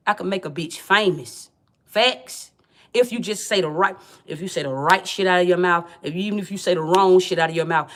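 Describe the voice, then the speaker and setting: A woman's voice: mid-range voice, a bit bright. Preachy woman livestreaming. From Georgia, USA. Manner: preachy, repetitive, keeps saying "family"; profane street talk. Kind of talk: livestream monologue.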